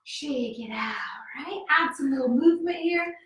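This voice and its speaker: High-voiced woman coaching kids through yoga, a bit breathless, sounds far off in an echoey room. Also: moderate pace, a bit bright. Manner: upbeat, coaxing, counts aloud and cheers. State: a little out of breath. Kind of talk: guided kids yoga class.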